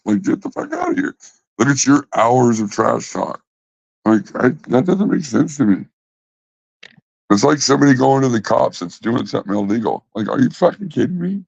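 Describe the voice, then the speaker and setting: A man's voice: fairly low pitch, gravelly, no echo. A man hosting a casual livestream, rambling and swearing as he talks back to his chat. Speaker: livestream host. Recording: dull, lo-fi dry sound.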